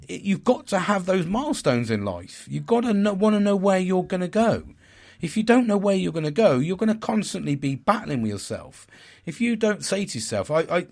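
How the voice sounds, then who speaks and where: A man's voice: on the high side, darkish tone. A man, speaking in a frank, rambling way and swearing freely as he hosts a candid personal talk. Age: 40s. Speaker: podcast host.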